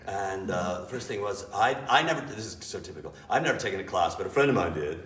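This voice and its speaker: A man, an improv teacher and director, telling animated, self-mocking stories in an interview. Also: deep voice, fast talker, hardly any pauses. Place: theater. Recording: roomy, distant mic with faint noise.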